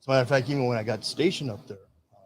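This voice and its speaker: A man's voice: mid-range voice, very fast, a little hiss or hum. Older man telling army stories. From Michigan. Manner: rambling storyteller, acts out quoted dialogue. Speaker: veteran guest. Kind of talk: casual storytelling.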